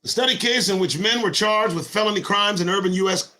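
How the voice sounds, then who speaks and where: A man's voice: sits high, fairly quick, pushed and bright. A middle-aged man reading a report aloud and breaking off into fiery commentary, repeating key lines and firing pointed questions at his listeners.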